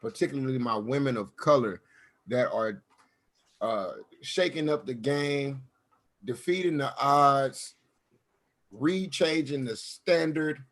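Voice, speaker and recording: A man's voice: medium pitch, unhurried, fairly bright tone. Male host, laid-back slangy joker, casual video call show. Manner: loose, joking, slangy. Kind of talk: casual chat.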